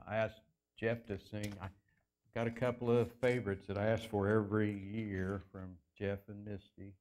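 A man preaching a sermon as pastor in a church, earnest, slowing down and lifting his voice to stress key phrases. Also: flat delivery, a little mellow. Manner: earnest preaching, slows and lifts pitch for emphasis. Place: church sanctuary.

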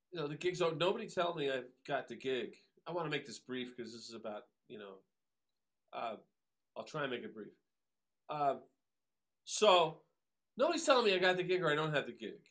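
A man, a drummer telling stories as a guest, animated and acting out the voices of people he quotes. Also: on the high side, moderate pace, long pauses. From Long Island, New York. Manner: animated, acts out quoted voices, many fillers. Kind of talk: casual storytelling interview.

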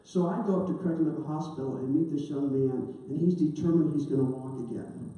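A woman's voice: low-pitched, brisk, warm tone. A middle-aged woman, a sport psychologist, earnestly telling a personal story to an audience in a lecture. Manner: earnest, anecdotal, with quoted dialogue. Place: large hall. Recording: echoey hall, distant mic.

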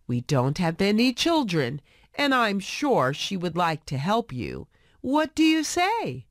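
A kindly, generous bookseller with a calm, reassuring tone, read by a woman telling a storybook. He speaks slowly, with a lively rise and fall, recorded dry and close. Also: medium pitch, no room sound. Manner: gentle and reassuring.

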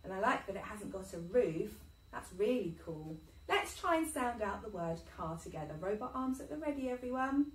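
A woman teaching a phonics lesson to young children, sounding out words slowly and praising them. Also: medium pitch, big pitch swings, roomy sound, far from the mic, slight background noise, rough recording. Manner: sing-song, slow and encouraging, sounding out words. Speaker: infant school teacher.

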